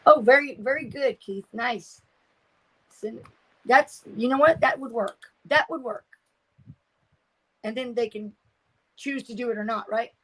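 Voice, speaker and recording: In a fairly high, breathy-edged voice, an older woman chats unhurriedly on her craft livestream, pausing often. She reads viewers' comments aloud and frequently trails off while searching for words, and the audio is poor.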